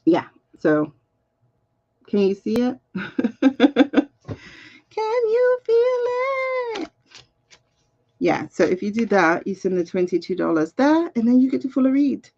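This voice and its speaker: A woman's voice: mid-range voice, lively intonation, normal speed, vocal fry, mellow, dull audio. A woman reading cards on a live stream, chatting casually and muttering to herself while she sorts out links. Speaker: live card reader. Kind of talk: casual livestream chat.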